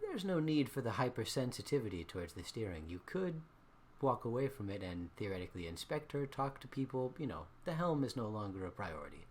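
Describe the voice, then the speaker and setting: A man running a tabletop game as dungeon master, narrating with animated swings between hushed and loud delivery. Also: mid-range voice, brisk, slight background noise.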